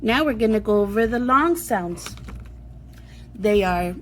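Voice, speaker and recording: Slow, clear woman teacher drilling phonics. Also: medium pitch, lively intonation, fairly bright tone. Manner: slow, clear drilling, repeating each sound three times. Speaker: second grade teacher. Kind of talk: phonics lesson for young children.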